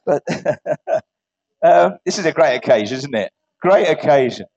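A man gives an informal sermon with a bright, lively voice that swings up and down a lot. He talks in a chatty way, tripping over words and correcting himself as he goes. The recording sounds dull and lo-fi. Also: on the high side, unhurried. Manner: animated, chatty storyteller who stumbles and corrects himself. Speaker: preacher. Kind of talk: informal sermon with joke and scripture reading.

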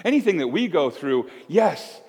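A pastor in his fifties preaches with a lively, rising and falling voice pitched a little high. He talks conversationally, swinging from loud emphasis to hushed asides. The church hall lends a long reverb. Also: moderate pace, breathy edge. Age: 50s. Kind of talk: sermon.

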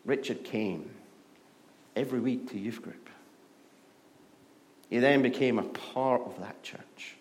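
A middle-aged Scottish pastor preaching a sermon, telling stories and moving between hushed and loud, lively delivery. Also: male voice, mid-range voice. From Scotland. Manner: storytelling, shifts from hushed to loud and animated.

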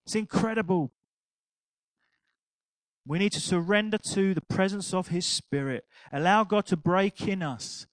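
An older man preaching, his voice sitting somewhat high. He tells stories with animated energy and laughs along with them. The sound is dry and close. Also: measured pace, long pauses, dry recording, poor audio. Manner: animated storytelling, laughing at his own anecdote. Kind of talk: sermon.

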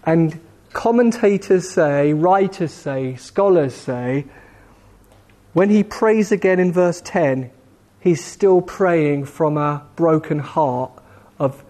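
Guy preaching a sermon real slow with long pauses, mellow relaxed tone. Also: a little high. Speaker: pastor.

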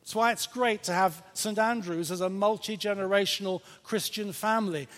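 A man preaching a sermon in a church, lively and playful, with emphatic points and questions to the congregation. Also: high voice. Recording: reverberant church hall.

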